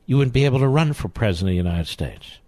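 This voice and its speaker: A man's voice: mid-range voice, animated, quick pace, no room sound. A male radio talk show host delivering a sarcastic, combative monologue, reading news aloud and interrupting it with muttered asides. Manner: combative, sarcastic, swings between loud emphasis and muttered asides. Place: radio studio. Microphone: studio microphone.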